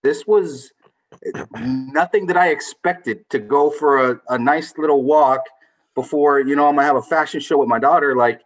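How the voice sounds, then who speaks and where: A man's voice: fairly high pitch, moderate pace, poor audio. A man hosting a casual chat with friends, telling a story with energy and swearing freely. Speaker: podcast host.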